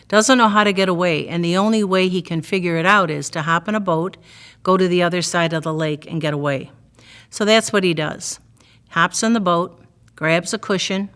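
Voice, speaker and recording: A woman's voice: fairly low pitch, a bit bright, clean tone. A Catholic sister giving a devotional gospel reflection, retelling the story vividly and asking her listeners direct questions.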